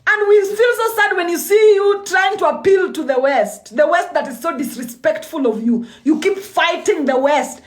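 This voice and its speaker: Woman speaker, high-pitched, fervent, laughs through her points, echoey room. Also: normal speed, hardly any pauses. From East Africa. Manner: emphatic, repeats lines, laughs often. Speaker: spiritual speaker. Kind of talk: impassioned spoken address. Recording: roomy echo.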